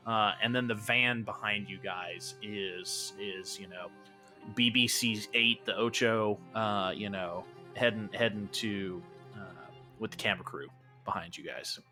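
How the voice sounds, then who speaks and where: A man's voice: on the low side, fairly even intonation, a little slow, pushed and bright, faint music behind. A man narrating as game master of a tabletop game, loose and rambling with many restarts.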